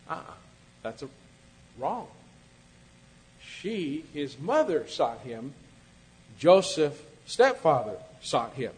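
A man's voice: big pitch swings, slow pace, long pauses, husky, rough recording. A man preaching a sermon in a conversational way, acting out quoted lines as he goes. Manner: conversational, acts out quoted lines with shifting pitch and loudness.

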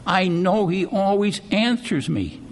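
A man's voice: sits high, lively intonation, takes it slowly, pitched above the performer's own voice, full character voice. A man voicing an anguished, forsaken man pleading to God in a sermon retelling, with a long hall reverb. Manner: grieving, pleading.

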